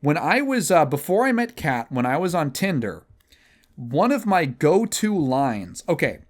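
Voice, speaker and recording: A man's voice: a little high, big pitch swings, unhurried. A young man hosting a podcast, telling a rambling, profane, self-mocking story in casual chat. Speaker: podcast host.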